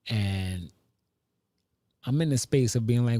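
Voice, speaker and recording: Animated man telling stories, dry sound. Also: slow pace, pauses often, dry recording. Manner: animated, with sudden pitch jumps and hushed asides. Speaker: vlogger; father. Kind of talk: casual storytelling monologue.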